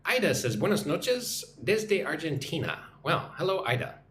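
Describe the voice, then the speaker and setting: A man's voice: a little high, sing-song, normal speed, a bit bright, echoey room. A man who teaches English online, chatting on a live stream, reading out viewer comments and greeting them in their own languages. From United States.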